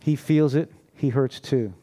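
A man's voice: medium pitch, measured pace, dark tone. A man preaching a sermon in a conversational, storytelling way, often asking rhetorical questions and laughing.

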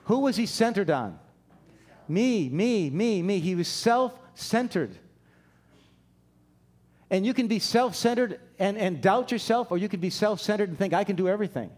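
A man's voice: high-pitched, lively intonation, moderate pace, darkish tone. A man preaching a conversational sermon, acting out the quoted dialogue as he goes. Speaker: pastor.

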